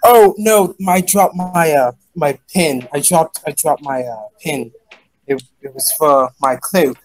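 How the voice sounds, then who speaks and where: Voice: mid-range voice, unhurried, close to an everyday voice. A player voicing a male adventurer who stammers and fumbles for excuses. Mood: flustered. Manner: stammering, flustered. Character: flustered male adventurer caught in a lie.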